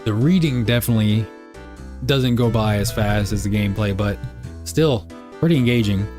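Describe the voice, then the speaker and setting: A man's voice: lowish voice, normal speed, a little mellow, soft background music. A young man streaming a game live, reading the dialogue aloud and cracking crude jokes. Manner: joking, crude asides.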